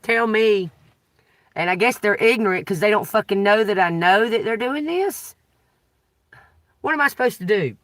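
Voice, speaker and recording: A woman's voice: medium pitch, animated, moderate pace, long pauses, no room sound. Agitated woman, profane rant. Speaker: tarot reader. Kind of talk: unscripted venting vlog. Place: in a car. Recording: dry, a little far from the mic.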